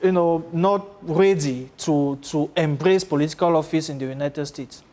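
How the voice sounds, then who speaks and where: Male interviewer, fairly high voice, formal and polite, probing questions. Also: moderate pace, a little mellow, a little hiss or hum.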